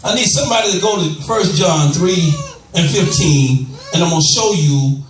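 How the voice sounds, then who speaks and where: An older preacher with a high, reedy voice, shouting and laughing through an animated call-and-response sermon. His voice bounces around a very echoey church sanctuary, picked up from some distance away. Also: moderate pace, background noise. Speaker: bishop preaching.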